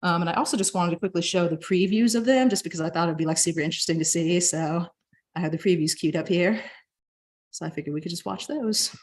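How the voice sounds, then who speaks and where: A woman's voice: fairly low pitch, quick pace. A young woman giving a casual presentation, chatty and full of filler words.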